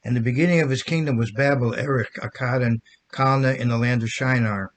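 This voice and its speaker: An older man reading scripture aloud in a steady, measured way on a podcast, working through long lists of names. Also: medium pitch. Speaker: podcast co-host.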